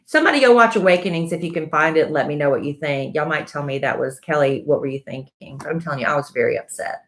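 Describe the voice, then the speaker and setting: A woman's voice: low voice, animated, fast, fairly bright tone. A middle-aged woman with a Southern US accent, co-hosting a casual live-stream chat and telling stories at length. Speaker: co-host.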